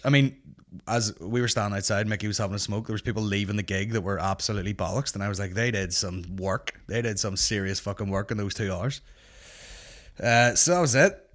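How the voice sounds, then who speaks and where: A man's voice: mid-range voice, fairly bright tone. A young Northern Irish man hosting a comedy podcast, telling a rambling, sweary anecdote in casual chat. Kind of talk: casual storytelling.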